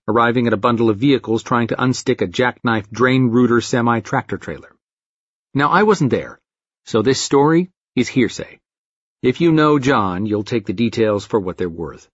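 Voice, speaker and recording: Husky guy reading an audiobook deadpan, dry dull lo-fi sound. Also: mid-range voice, dry recording. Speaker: audiobook narrator. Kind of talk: first-person audiobook narration. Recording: dull lo-fi recording.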